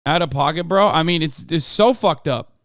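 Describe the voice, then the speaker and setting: A man's voice: a little high, moderate pace, a bit bright, dry recording, clean studio sound. A man in his thirties ranting loosely and profanely as he reacts to the news on his livestream. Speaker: streamer. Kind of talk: casual livestream commentary.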